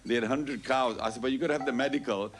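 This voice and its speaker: A man tells a story at a temple Sunday program, animated and full of "you know", quoting others back and forth. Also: mid-range voice, quick pace. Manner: animated, quotes others in dialogue, frequent "you know" and "I goes". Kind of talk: casual storytelling announcement. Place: temple hall.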